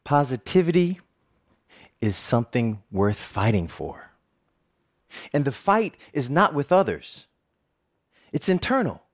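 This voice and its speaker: Man, middle-aged, storytelling talk, lively swooping pitch, jokey delivery. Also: takes it slowly, pauses often. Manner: animated, jokey storytelling with big pitch swings. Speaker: television reporter giving a talk.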